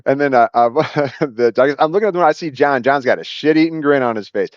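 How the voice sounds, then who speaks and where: A man telling a personal story at a quick clip, with many restarts and acted-out quotes. His voice sits in a middle register. The recording is dry and a little dull, like a lo-fi room mic. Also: medium pitch, dry recording. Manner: rambling, animated retelling with acted quotes and frequent restarts. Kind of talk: casual spoken anecdote.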